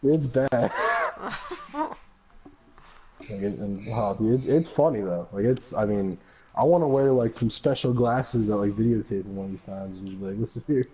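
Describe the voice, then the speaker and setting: A man's voice: fairly low pitch, moderate pace, long pauses, warm tone. Foul-mouthed young man trash-talking on stream. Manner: profane, mock-angry ribbing of friends. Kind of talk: casual gaming stream banter. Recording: dull lo-fi audio with crowd noise.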